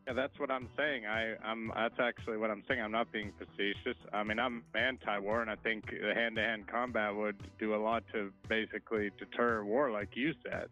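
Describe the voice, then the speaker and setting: A man making a deadpan prank phone call, halting and sincere-sounding. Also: on the low side, faint music behind. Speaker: prank caller.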